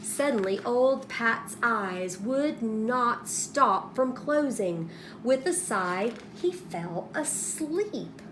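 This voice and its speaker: A woman teacher reading a storybook aloud to students in an expressive way, stopping to ask them questions. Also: a little high, a little hiss or hum. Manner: slow, expressive, pauses to prompt students.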